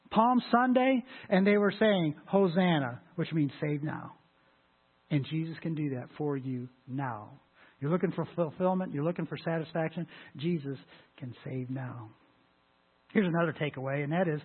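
A man preaching a sermon as pastor, with a husky voice and an emphatic delivery that swells loud and high on scripture. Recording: tinny lo-fi phone-like sound.

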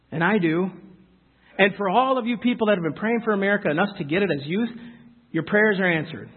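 A young man tells stories to a live youth audience in a relaxed, chatty speech, earnest and emphatic. His high, husky voice is expressive and a little fast, broken by long pauses, and the sound is tinny like a phone.

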